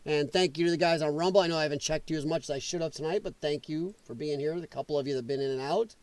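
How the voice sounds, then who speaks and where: A man's voice: on the high side, rapid-fire, darkish tone. A man hosting a live stream, reacting to clips with sarcastic, mocking commentary and frequent laughter. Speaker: live-stream podcast host.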